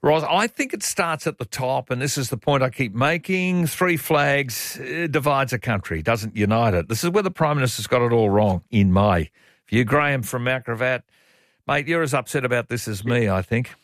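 A man's voice: mid-range voice, animated, normal speed, fairly bright tone, no echo. An Australian man hosts talk radio from a studio, speaking blunt and emphatic opinions. The mic is close and dry, with no room sound. He often stumbles over and repeats his words as he presses his point. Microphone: studio microphone.

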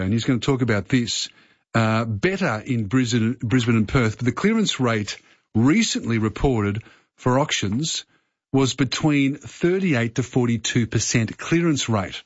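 A man's voice: mid-range voice, sing-song, moderate pace, breathy edge, no room sound, dull audio. A man with an Australian accent, hosting a radio show and chatting casually with a caller. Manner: chatty, repeats himself. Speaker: radio host.

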